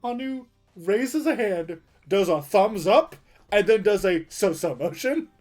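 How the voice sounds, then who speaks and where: A man playing a tabletop game, animated and joking. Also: sits high, unhurried, faint music behind. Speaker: player.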